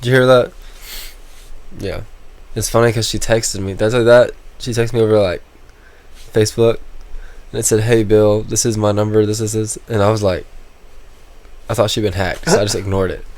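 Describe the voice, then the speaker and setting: A man's voice: lowish voice, fairly even intonation, brisk, long pauses, darkish tone. A young man co-hosting a podcast in casual chat, telling a story and laughing often. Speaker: podcast co-host.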